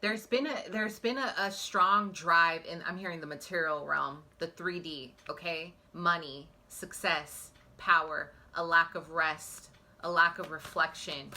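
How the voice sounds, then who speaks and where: A woman's voice: lowish voice, steady tone, measured pace, few pauses, bright, forceful tone. A woman giving a pick-a-card psychic reading on her phone, talking earnestly and emotionally straight to her viewers. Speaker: psychic tarot reader.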